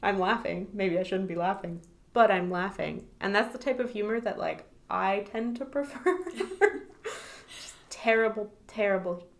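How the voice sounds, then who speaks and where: A woman's voice: medium pitch, steady tone, moderate pace. A woman co-hosting a podcast, talking casually about a book and laughing often. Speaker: podcast co-host.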